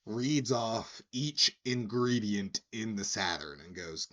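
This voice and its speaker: A man's voice: fairly low pitch, expressive, a bit bright. A man co-hosting a podcast, telling a rambling bar anecdote in casual chat with frequent restarts. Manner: slow, halting anecdote telling with quoted voices. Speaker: podcast co-host.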